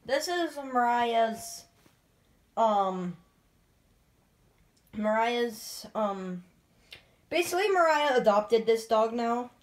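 A woman's voice: on the high side, lively intonation, extremely slow, pauses often. A woman filming a casual vlog, teasing a friend and pressing her with repeated questions.

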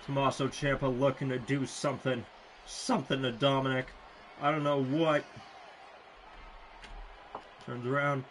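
A man doing amateur play-by-play commentary on a wrestling match, drawn-out calling broken by sudden excited shouts and swearing. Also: medium pitch, a little hiss or hum. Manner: slow, drawn-out calling between bursts.

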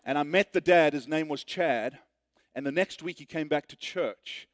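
A man preaching a sermon as pastor, telling stories earnestly and dropping to a hushed tone to make his point. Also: a little high, normal speed, dry recording, clean studio sound. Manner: earnest storytelling, rising then hushed.

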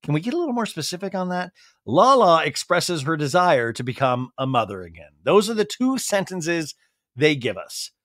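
A sarcastic male podcast host recapping TV for laughs, his voice sitting high. He riffs freely, and the recording is close and dry. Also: sing-song, moderate pace, a bit bright, dry recording. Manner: sarcastic, riffing, jumps into silly impressions.

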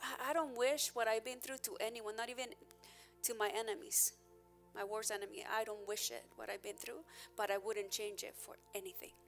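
Woman pastor, higher-pitched voice, candid emphatic sermon, faint music underneath. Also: steady tone, normal speed, creaky. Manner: candid, emphatic preaching with shifts in loudness.

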